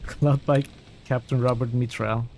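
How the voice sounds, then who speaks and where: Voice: mid-range voice, fairly even intonation, a little slow, a little mellow, slight background noise. A game streamer giving casual gameplay commentary, thinking aloud and chatting with viewers.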